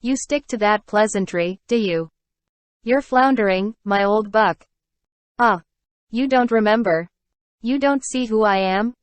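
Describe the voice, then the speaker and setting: A woman's voice: mid-range voice, unhurried, pauses often, no echo, close to an everyday voice. A woman voicing a ferocious, starving male innkeeper who rants with scorn, in a storybook reading. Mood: bitter ranting. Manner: ranting, scornful.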